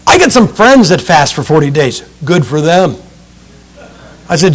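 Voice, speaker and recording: A man preaching a sermon in an animated, joking way, firing off rhetorical questions to his listeners. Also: on the high side, measured pace.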